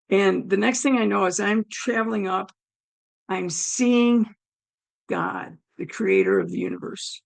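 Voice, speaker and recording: A woman recounts a personal story in a gravelly, hoarse voice at a medium pitch. She acts out the thoughts she had at each moment. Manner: animated, acts out her own thoughts. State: hoarse, damaged throat. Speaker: guest telling her near-death story.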